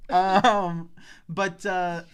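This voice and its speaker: A man's voice: high-pitched, level tone, very slow, smooth. A man in his twenties, co-hosting a podcast, telling a story in casual chat, laughing often and mimicking people as he goes. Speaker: podcast co-host.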